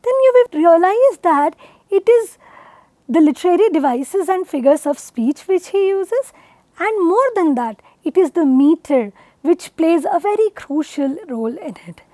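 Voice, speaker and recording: A woman lecturer with an Indian English accent, explaining poetry in a recorded online lecture, slowly sounding out syllables and stresses. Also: extremely high pitch, lively intonation, dark tone, dry recording. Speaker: university lecturer.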